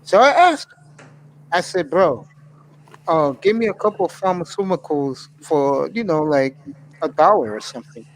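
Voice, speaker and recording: A man's voice: fairly high pitch, lively intonation, moderate pace, slight background noise, poor audio. A man hosting a live stream in casual chat, effusive and openly emotional as he thanks his friends.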